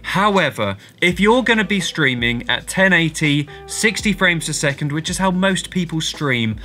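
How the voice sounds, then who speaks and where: A man's voice: a little high, animated, moderate pace, bright, forceful tone. A man hosting a casual tech tutorial, upbeat and chatty, with slangy asides. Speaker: music streaming tutorial host.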